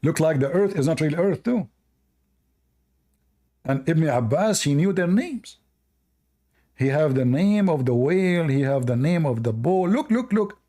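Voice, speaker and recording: A man's voice: on the high side, expressive, a little slow, pauses often, mellow. A man hosting a live call-in debate, mocking and scornful toward the caller. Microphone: online call.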